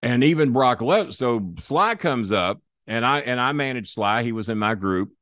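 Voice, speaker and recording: A man's voice: medium pitch, moderate pace, no echo, clean studio sound. A man telling a long profane story in a casual interview, acting out the voices of the people in it. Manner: profane, animated, acts out quoted voices. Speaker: guest storyteller.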